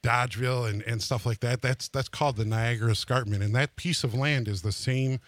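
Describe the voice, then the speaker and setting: A man's voice: mid-range voice, fairly even intonation, fairly quick, no echo. Dry-sounding talk radio man. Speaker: radio show host. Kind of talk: casual radio chat.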